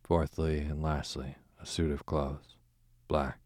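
A man reading an audiobook, voicing a languid aristocratic duke with a smooth, sarcastic drawl. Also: rumbling low, little pitch movement, slow pace, a little mellow, dry recording, clean studio sound, exaggerated voice. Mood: sardonic. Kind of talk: audiobook character voice.

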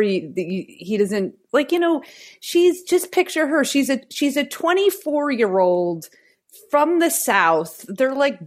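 A woman guest on a comedy podcast, talking bluntly and sardonically about a show. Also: mid-range voice. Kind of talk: comedic recap chat.

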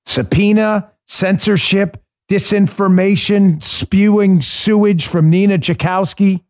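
Man, middle-aged, podcast host, combative, sarcastic, rhetorical questions, slightly high voice, dry close sound. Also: fairly even intonation, slow, no room sound. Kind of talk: political commentary monologue.

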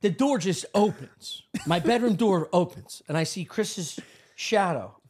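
A man's voice: high-pitched, expressive, measured pace, a little mellow, slightly rough. A man co-hosting a comedy podcast in casual chat, telling a story with lots of animation and swearing. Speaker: podcast co-host.

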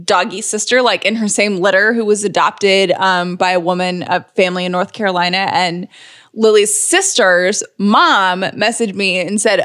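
A woman co-hosting a casual podcast at home, talking fast and chatty. She sounds upset and close to tears as she tells her story, her voice sitting at an ordinary middle pitch. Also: fairly bright tone. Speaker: podcast co-host. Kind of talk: casual chat.

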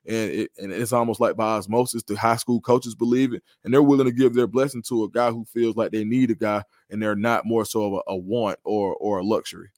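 A man's voice: fairly low pitch, fairly quick, few pauses, dry recording, studio quality. A man, a guest analyst in a podcast interview, talks through football recruiting in a confident, analytical way. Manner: confident, analytical, animated storytelling.

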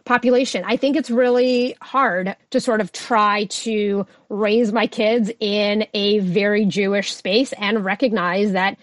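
A woman guest on a podcast explains her research in a measured, lecture-like way. Her voice sits in a middle register. The sound is dry and close. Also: mid-range voice, no room sound. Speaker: sociologist guest author. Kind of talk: podcast interview answers.

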